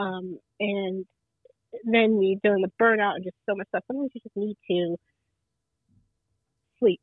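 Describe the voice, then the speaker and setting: A young woman at middle pitch chats loosely, repeating words to drive a point home. Her voice comes through a narrow, phone-like channel with no room sound around it. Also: normal speed, pauses often, no echo. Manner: relaxed, repeats words for emphasis. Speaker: guest interviewer. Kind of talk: casual podcast conversation. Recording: tinny phone-like line.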